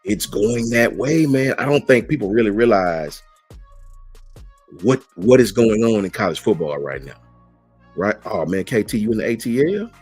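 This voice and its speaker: A man's voice: fairly low pitch, animated, normal speed, a little mellow, slightly rough, soft background music. A middle-aged man hosting a live stream, chatting casually and slangily as he answers viewers' messages. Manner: laid-back, slangy, reads out and answers chat messages. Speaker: host.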